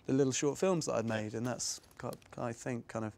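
A man's voice: mid-range voice, a little fast, vocal fry, a little mellow. A young man from England, an actor answering pupils' questions in a casual, rambling, self-deprecating way with frequent laughs. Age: young adult. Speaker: actor guest. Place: school room with audience.

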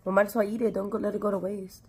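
A woman's voice: mid-range voice, level tone, racing, mellow, a little hiss or hum. A young woman talking casually through a makeup tutorial in a chatty, filler-heavy way, with some swearing. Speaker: beauty vlogger.

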